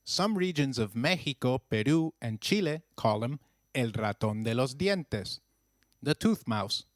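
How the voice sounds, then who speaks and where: Slow, clear male language tutor. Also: mid-range voice, animated, dry recording, studio quality. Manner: slow, clear, encouraging drills. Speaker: language teacher. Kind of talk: scripted lesson narration.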